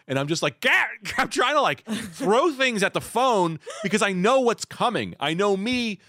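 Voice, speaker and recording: A man in his thirties chats on a podcast, telling stories in an animated way that breaks into laughter and swearing. His pitch rises and falls a lot as he talks. The sound is dry and close, with no room echo. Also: normal speed. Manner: animated, laughing storyteller who swears freely. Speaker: podcast host. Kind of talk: casual chat.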